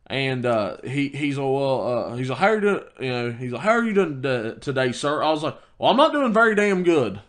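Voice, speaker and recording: A man co-hosting a podcast, telling a heated story in casual chat with many restarts. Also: fairly high pitch. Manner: storytelling, quoting himself heatedly, lots of restarts. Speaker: podcast co-host.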